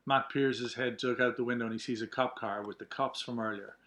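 A man's voice: medium pitch, steady tone, quick pace, a bit bright. A man reading a script aloud, a little hesitant, with ums between lines. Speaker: script reader.

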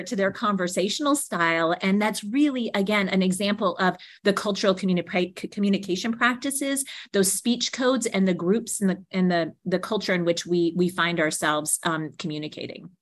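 A woman, a guest expert, explaining her ideas at length in an interview. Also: mid-range voice. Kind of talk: interview answers.

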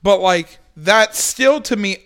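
A man's voice: sits high, slow pace, fairly bright tone, clear, resonant tone. A man in a casual sports chat, building a long question and insisting on finishing it.

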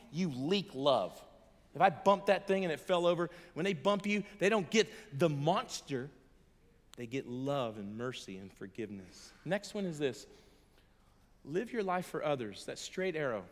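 Earnest preacher man in an echoey hall. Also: on the high side. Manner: earnest, emphatic, swings between soft and loud, chuckles as he tells stories. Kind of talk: sermon with personal storytelling. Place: large hall before an audience. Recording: long echoey hall reverb.

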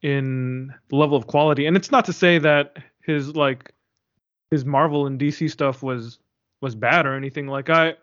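A man's voice: mid-range voice, normal speed, dry recording, lo-fi sound. Man in his forties, dry podcast chat. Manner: relaxed, thoughtful, peppered with "you know" and "man". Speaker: podcast co-host. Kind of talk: casual chat.

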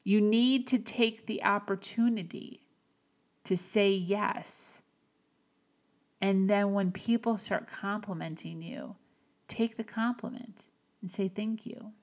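A woman hosting a podcast, giving an earnest, encouraging motivational talk with slow, emphatic phrasing. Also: medium pitch. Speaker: podcast host. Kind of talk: motivational monologue.

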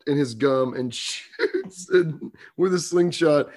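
A man's voice: fairly high pitch, wildly swooping pitch, slow pace, a little mellow. A man chatting casually about a movie, laughing a lot and trailing off mid-sentence.

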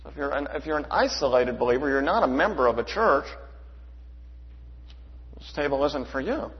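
A man preaching a sermon to his church, emphatic, asking rhetorical questions and swinging between loud and hushed delivery. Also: medium pitch, lively intonation, normal speed, slightly rough. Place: church sanctuary. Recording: dull hall reverb.

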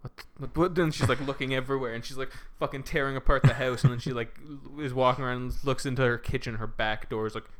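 A man's voice: mid-range voice, steady tone, fast, hardly any pauses, fairly bright tone. A man telling a long rambling story on a casual podcast, swearing freely and acting out the characters' lines as he goes. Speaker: podcast co-host.

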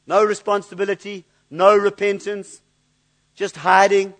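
A man's voice: sits high, slow, long pauses. A man preaching a sermon in an earnest, searching way, often repeating words as he looks for the next thought. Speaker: pastor.

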